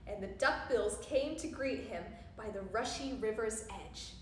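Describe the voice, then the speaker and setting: A woman reading a rhyming picture book aloud in an expressive, sing-song way. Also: fairly high pitch, measured pace. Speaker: storyteller. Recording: roomy echo, faint background noise.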